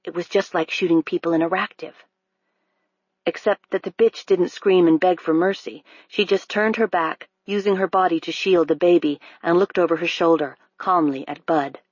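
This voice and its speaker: A narrator reading fiction aloud in a steady, even-paced storytelling manner. The recording is close and dry, with a slightly dull, muffled top end. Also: medium pitch, normal speed, slightly rough, no room sound. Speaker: audiobook narrator. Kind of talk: scripted audiobook narration.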